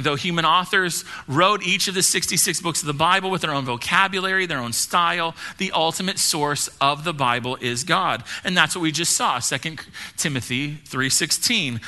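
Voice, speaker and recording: Male pastor, young adult, from the United States, fast, stumbling restarts, sharp ringing tone, slightly high voice. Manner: fast-talking with frequent restarts and repeated words. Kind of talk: sermon. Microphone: live-streamed church service.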